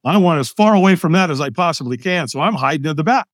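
Older man telling a lively story. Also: on the high side, fast, no room sound, studio quality. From United States. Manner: lively, acts out other people's lines. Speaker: podcast guest. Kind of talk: animated personal storytelling.

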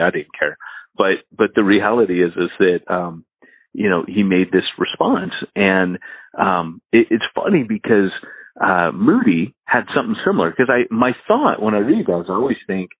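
Deep-voiced man, husky, lively podcast storyteller, tinny phone-like sound. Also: normal speed, dry recording. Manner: animated storyteller, laughs at his own anecdotes. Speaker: podcast co-host, church planter. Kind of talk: casual podcast chat.

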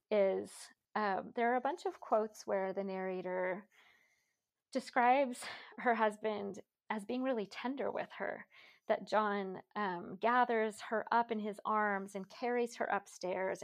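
Gravelly-voiced woman discussing a book. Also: mid-range voice. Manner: thoughtful, many fillers and restarts. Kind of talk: casual literary discussion.

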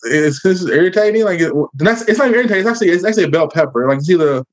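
A man's voice: sits high, animated, very fast. A man on a casual discussion panel, rambling and repeating words, playfully judging. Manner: rambling, repeats words while searching for them. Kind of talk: casual group chat.

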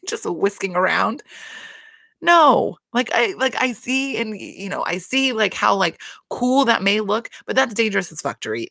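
A woman giving a casual solo recap of a reality show, rambling and expressive, swearing freely and laughing often. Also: medium pitch, moderate pace, gravelly, no room sound, studio quality.

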